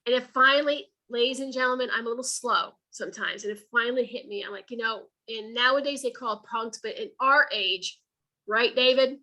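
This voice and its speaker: Woman speaker on a video call, bright and somewhat high voice, chatty folksy storyteller who acts out quotes. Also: fairly quick, poor audio. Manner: colloquial, folksy phrasing. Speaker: author and speaker. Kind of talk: storytelling talk to an online audience.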